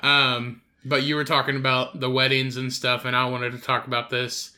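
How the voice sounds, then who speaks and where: A man's voice: mid-range voice, flat delivery, normal speed, pushed and bright. A young man hosting a casual podcast, telling rambling, profane stories. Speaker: podcast host. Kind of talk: casual chat.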